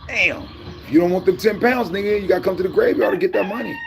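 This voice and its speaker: A man vlogging in rowdy, joking banter, loud and teasing, often repeating his lines. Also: sits high, huge pitch swings, fast, noisy background. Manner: loud teasing, repeats phrases, sing-song.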